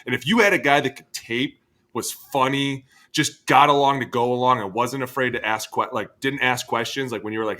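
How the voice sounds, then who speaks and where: A man's voice: medium pitch, brisk. A man in his thirties, a former football lineman co-hosting a podcast. He tells stories with energy, swears freely and acts out what people said. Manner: animated storyteller who acts out quotes, swears freely, laughs often. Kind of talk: casual chat.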